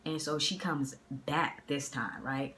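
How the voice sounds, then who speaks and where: A young woman from the area, telling a personal story in a casual, slangy, animated way on a phone mic. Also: low-pitched, slow, a little hiss or hum. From Boston area. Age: young adult. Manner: animated, slangy, acts out the dialogue. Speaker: vlogger.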